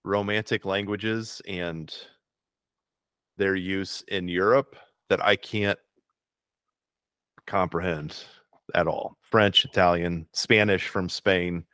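A man's voice: low voice, steady tone, slow pace, long pauses, bright, forceful tone, clear, resonant tone, no echo. Co-host pria, suara rendah, rekaman kering tanpa gema, gaya ngomel sarkastis yang lucu. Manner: sarcastic, mock-American rants, swears freely. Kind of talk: casual comedic chat.

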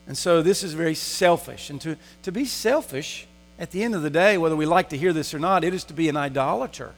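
A man's voice: on the high side, a little fast. A man preaching a sermon in a church, asking the congregation rhetorical questions. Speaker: pastor. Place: church sanctuary. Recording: long hall reverb.

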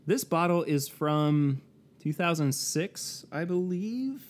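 A man's voice: fairly high pitch, lively intonation, takes it slowly. A man co-hosting a casual whiskey tasting chat, rambling, correcting himself and laughing often. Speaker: co-host of a whiskey tasting show.

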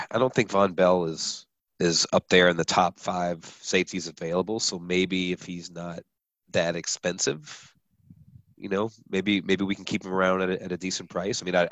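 A man's voice: low-pitched, fairly bright tone, no room sound, lo-fi sound. A man talking casually on a sports podcast, hesitant and full of restarts.

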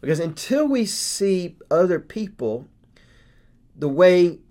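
A man's voice: high-pitched, sing-song, slow pace, dark tone. A man hosting a casual faith podcast, earnestly explaining his points step by step. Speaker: podcast host.

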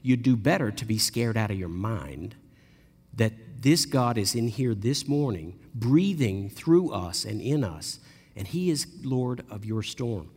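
A man of middle pitch preaches a sermon, and his voice rings with the long reverb of a large hall. He tells the story with animated delivery and briefly acts out the people he quotes. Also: breathy edge.

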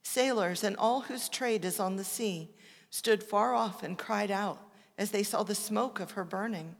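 A woman with a mid-pitched voice reads scripture at a measured, steady pace. Her voice rings with the long reverb of a large church hall. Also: creaky. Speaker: scripture reader. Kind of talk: scripture reading. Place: church sanctuary.

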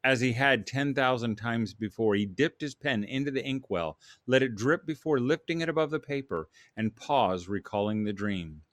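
A man hosting a podcast, chatting in a relaxed, hesitant way and then reading a story aloud to families. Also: mid-range voice, moderate pace, hardly any pauses, dry recording. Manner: relaxed, hesitant, with many fillers. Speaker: podcast host.

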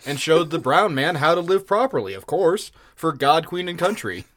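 A man with a somewhat high voice co-hosts a relaxed podcast. He speaks in short bursts, mostly quick reactions. When he does say more, it comes as a dry, sarcastic quip. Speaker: podcast co-host. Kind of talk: casual podcast chat.

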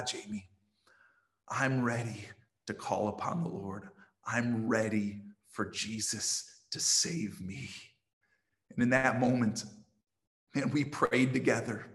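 A man, a pastor and missionary, telling a testimony in a sermon and acting out the dialogue with energy. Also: mid-range voice. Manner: animated, acts out quoted dialogue.

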